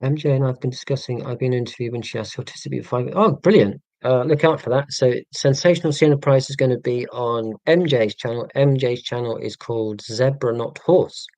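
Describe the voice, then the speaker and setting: A man's voice: medium pitch, brisk, hardly any pauses, a little mellow, no room sound. An English man hosting a casual live stream, rambling and self-mocking, with many ums. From England.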